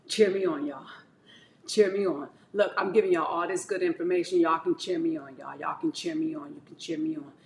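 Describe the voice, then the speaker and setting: A woman chatting casually to her viewers as she juices and drinks wheatgrass shots, calling them y'all and talking in animated bursts. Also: deep voice, moderate pace, creaky, long pauses, roomy sound, a little hiss or hum. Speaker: wellness vlogger. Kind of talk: casual chat to camera.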